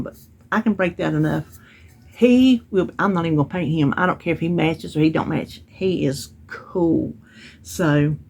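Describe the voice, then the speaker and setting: Chatty lady doing a haul at home, low gravelly voice, a bit husky. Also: a little mellow. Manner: chatty, storytelling, Southern-style grammar. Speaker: vlogger. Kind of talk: casual haul chat.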